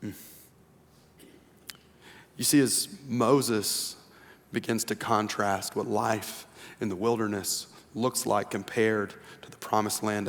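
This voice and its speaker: A young man preaching a sermon as pastor. He moves between slow, hushed scripture reading and lively, animated storytelling. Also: lowish voice. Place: church sanctuary. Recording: long reverb of a church sanctuary.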